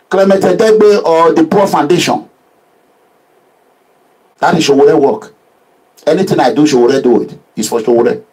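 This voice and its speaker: A man with a Nigerian accent giving an impassioned social media address as a political activist, animated and preachy, full of proverbs. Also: on the high side, breathy edge, rough recording.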